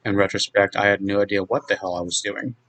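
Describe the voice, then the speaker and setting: Brief: man, twenties, low voice, reflective personal-story read. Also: little pitch movement, fairly bright tone, poor audio. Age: 20s. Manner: measured, reflective first-person narration. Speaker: guest narrator telling his own story. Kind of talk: reading a personal account.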